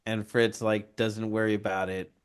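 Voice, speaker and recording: A man's voice: fairly low pitch, normal speed, smooth. A man co-hosting a podcast, retelling a film plot in casual, profane chat and acting out the characters' lines. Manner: profane, animated retelling with quoted voices. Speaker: podcast co-host.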